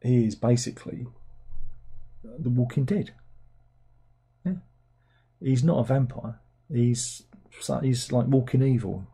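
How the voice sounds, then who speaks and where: A man's voice: medium pitch, slow pace, pauses often, mellow, husky. A man giving a casual film review, blunt and sarcastic, rambling from one aside to the next.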